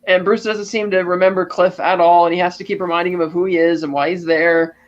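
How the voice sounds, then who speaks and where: High-pitched and level in tone, a fast-talking podcast co-host animatedly retells a movie scene, performing the characters' lines. It's a casual film recap with lo-fi sound.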